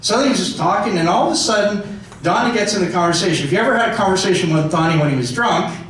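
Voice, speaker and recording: A man recounting a story about a late comedian at a memorial, halting with fillers. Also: high voice, animated, a bit bright, slight background noise. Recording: echoey hall from far off.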